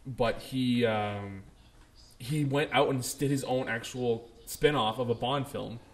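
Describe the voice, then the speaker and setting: A young man co-hosting a podcast in a casual chat, animated and swearing freely, often mimicking others. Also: medium pitch, slow pace. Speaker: podcast co-host.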